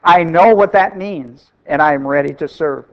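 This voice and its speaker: High-voiced man preaching a sermon. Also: moderate pace, lo-fi sound. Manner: emphatic, repeats phrases for stress. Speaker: pastor.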